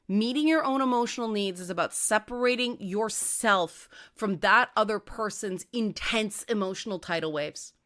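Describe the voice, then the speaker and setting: Woman host talking advice, bright sharp voice, kinda high, keeps asking right?. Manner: direct, conversational, many tag questions; acts out quoted voices with raised pitch. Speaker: podcast host. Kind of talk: casual advice talk.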